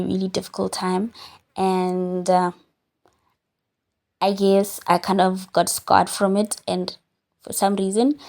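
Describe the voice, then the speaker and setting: A young woman speaks in a relaxed, confessional podcast monologue from her bed. Her voice has a gravelly, creaky edge. She is chatty and candid and chews gum as she talks. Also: mid-range voice. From South Africa. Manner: chatty and candid, chewing gum while talking. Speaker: podcast host. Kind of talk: casual reflective monologue. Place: lying on a bed at home.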